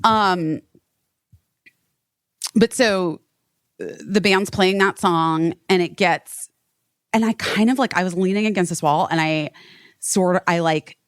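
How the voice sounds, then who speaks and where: Brief: woman host, lowish voice, dry close sound, rambling casual talk full of "like" and curse words. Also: unhurried, long pauses, dry recording. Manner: rambling, swears freely, many fillers. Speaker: podcast host. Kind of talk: casual chat.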